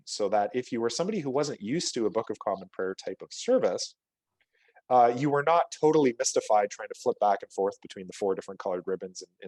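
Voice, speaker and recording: A man's voice: mid-range voice, a little mellow, no room sound, poor audio. A man giving a virtual talk on his research findings, explaining with frequent fillers and restarts. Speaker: guest lecturer.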